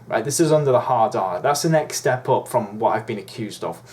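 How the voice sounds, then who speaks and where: A man's voice: medium pitch, darkish tone. Profane, indignant young man. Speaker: YouTuber. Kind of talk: ranting vlog monologue.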